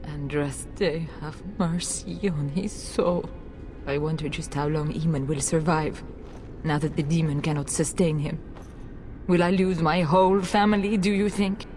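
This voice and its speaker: A woman's voice: low voice, fairly even intonation, a little slow, over music. An actress playing a middle-aged noble mother pleading emotionally for her son in a video game. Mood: grieving. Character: noble mother, desperate and grieving.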